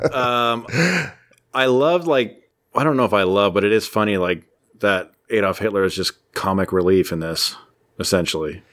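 A man with a fairly low, slightly bright voice speaks at a moderate pace. He's co-hosting a podcast and chatting casually about comics, rambling along with plenty of fillers.

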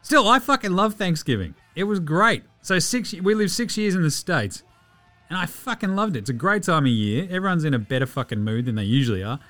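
A man's voice: a little high, sing-song, a little fast, bright, forceful tone, faint music behind. An Australian man hosting a casual sports news podcast, sarcastic and profane as he mocks the people he talks about. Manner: sarcastic, profane, mocking rants. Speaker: podcast host.

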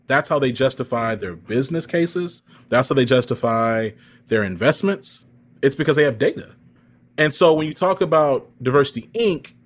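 Emphatic man on a video call. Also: mid-range voice. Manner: emphatic, animated storyteller. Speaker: guest speaker. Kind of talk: conversational interview answer.

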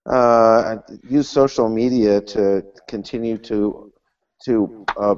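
A man's voice: on the low side, fairly even intonation, slow, a little mellow, clear, resonant tone, no echo, highs cut off. A man who is a guest author on a podcast, talking in casual chat, hesitant, with repeated words and uhs.

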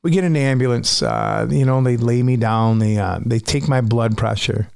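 A man with a gravelly, fry-edged voice recounts a personal story with blunt candor, swearing freely as he goes. His recording is dry and close, with no room around it. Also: mid-range voice, steady tone, moderate pace, darkish tone, no room sound. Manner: frank and profane, vivid retelling.

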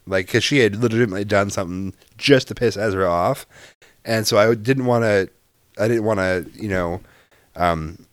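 Rambling, swearing dad, low dry voice. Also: male voice, normal speed, no room sound. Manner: rambling storyteller, swears freely, restarts a lot. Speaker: father. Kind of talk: casual chat.

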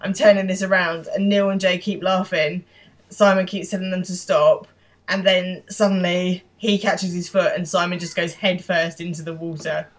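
A woman co-hosting a podcast, giving a casual, animated recap of a TV episode and laughing often. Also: lowish voice, moderate pace. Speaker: podcast co-host.

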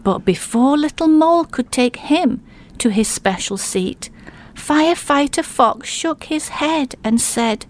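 A woman reading a children's picture book aloud, slow and deliberate. Her voice sits fairly high and rises and falls expressively. She draws out the lines for young listeners. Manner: expressive, with gasps. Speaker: storyteller.

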